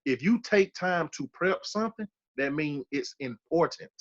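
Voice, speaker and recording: A man's voice: fairly high pitch, animated, moderate pace, a bit bright, highs cut off. A man in his thirties telling his personal survival testimony as a podcast guest, emphatic and repeating key phrases for weight. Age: 30s.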